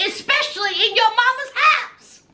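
A woman voicing an exasperated young woman who talks fast and insistently. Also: very high voice, bright, forceful tone, heavily acted.

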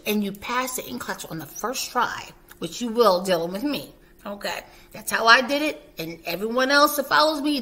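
A chatty middle-aged woman with a bright, clear voice talks straight to camera. She sounds like a nurse educator who reassures her students and keeps a casual, motherly tone. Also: fairly high pitch. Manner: warm, chatty, emotional, reassuring. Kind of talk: casual vlog talk to camera.

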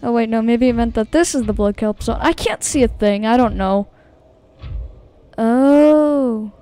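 In her let's-play commentary, a female video game streamer talks straight to viewers, jumpy and prone to nervous repetition. Her voice is on the high side yet dark in tone, clean, and unhurried.

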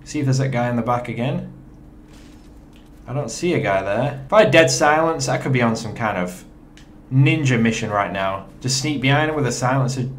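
A chatty young man talks his viewers through his gameplay, his pitch leaping up with excitement and dropping low when he is unsure. His speech is lively and conversational. A faint hiss sits under the desk mic. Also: moderate pace. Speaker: gaming commentator. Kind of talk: gameplay commentary.

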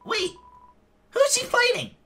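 A man voicing an excited young monster kid in a video game, with a squeaky, hyper delivery. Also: slow, gravelly, heavily acted.

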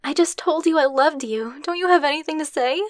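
A young woman voicing a brash, foul-mouthed tsundere girlfriend who swears a lot and turns gruff and embarrassed by turns, in an ASMR roleplay voice message on a close mic. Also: sits high, a little fast, no room sound, natural voice. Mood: flustered.

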